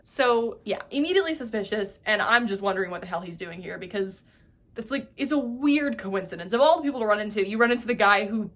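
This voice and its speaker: A young woman hosting a casual, sarcastic TV recap, chatty and quick to mock the characters. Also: mid-range voice, expressive, a bit bright. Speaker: YouTube recap host. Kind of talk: casual comedic TV recap narration.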